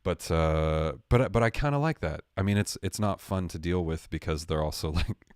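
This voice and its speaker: A man's voice: sits low, normal speed, clear, resonant tone, no room sound, clean studio sound. A young man hosting a livestream, rambling through a casual, sarcastic comedic rant full of swearing. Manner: rambling, sarcastic, swearing, lively impressions of others. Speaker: livestream host.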